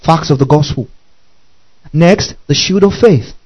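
A man's voice: on the high side, measured pace, darkish tone, muffled recording. A man preaching a sermon, emphatic, often asking his listeners questions and stopping to spell out Greek words.

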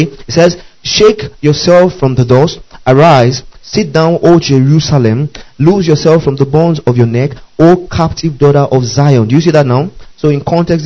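Male Bible teacher, slightly high, warm tone, dull lo-fi sound; reads verses and checks in constantly. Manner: repeatedly checks in with listeners asking okay and do you see that. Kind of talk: teaching sermon reading scripture aloud.

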